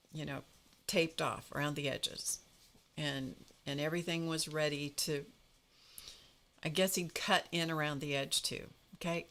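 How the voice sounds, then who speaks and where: A woman hosting a live craft stream, chatting casually and telling an animated story to her viewers. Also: deep voice, gravelly. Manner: animated storytelling, greets viewers by name, frequent laughs.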